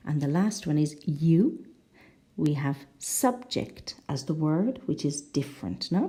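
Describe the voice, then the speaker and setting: A woman's voice: fairly low pitch, big pitch swings, dark tone. A woman teaching an English lesson on video, modelling pronunciation and often checking in with "no?". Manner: slow, drawn-out words with big rises and falls, modelling pronunciation; checks in with the learner using "no?".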